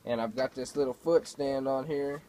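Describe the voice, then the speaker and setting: A vlogger talks casually to his camera indoors at home, his medium-pitched voice mellow and fairly even at a moderate pace. He's laid-back and profane, telling rambling everyday stories packed with fillers. The recording is rough.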